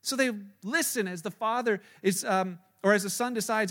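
A man's voice: sits high, fairly quick, hardly any pauses, a bit bright. A male pastor preaching a sermon in a casual, storytelling way with frequent fillers.

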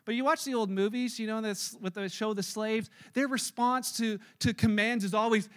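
A man preaching a sermon in church, animated and acting out everyday scenes in little voices. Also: high-pitched, normal speed, hardly any pauses. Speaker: pastor. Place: church service.

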